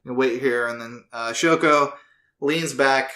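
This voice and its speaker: A man co-hosting a casual podcast, retelling an episode loosely with fillers and quick voiced-out quotes. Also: medium pitch, bright, forceful tone. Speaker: podcast co-host.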